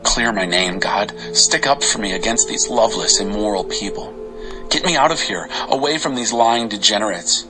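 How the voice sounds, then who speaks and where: A man giving an expressive, dramatic reading of Bible psalms over faint music. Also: fairly low pitch, moderate pace, low-quality recording. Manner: expressive, varied delivery. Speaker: scripture reader.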